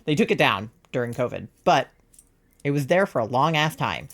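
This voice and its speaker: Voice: medium pitch, sing-song, moderate pace. Young streamer, rambling and profane. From Virginia, US. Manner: rambling, profane, laughs often. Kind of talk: casual live-stream chat while gaming.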